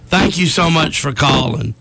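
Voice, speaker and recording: A man hosting a radio talk show, talking in a lively, folksy way and laughing easily. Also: fairly high pitch, normal speed, gravelly, breathy edge, dry recording.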